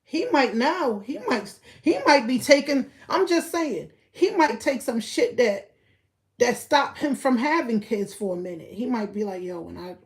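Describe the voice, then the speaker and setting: A young woman giving blunt, profane gossip commentary on a live stream, repeating her points and breaking into loud laughter. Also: on the high side, lively intonation, unhurried. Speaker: livestreamer.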